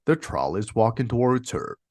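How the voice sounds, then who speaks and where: A man narrates a simplified audiobook in a steady, plain reading. His voice sits at an ordinary middle pitch. The recording is dry and close. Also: normal speed, dry recording. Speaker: reader.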